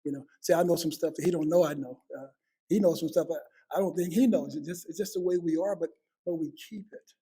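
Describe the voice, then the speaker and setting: A man's voice: a little high, fairly even intonation, quick pace, dark tone, breathy edge. A man in his fifties hosting a heartfelt family conversation, earnest, often repeating words as he starts a thought. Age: 50s. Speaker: host.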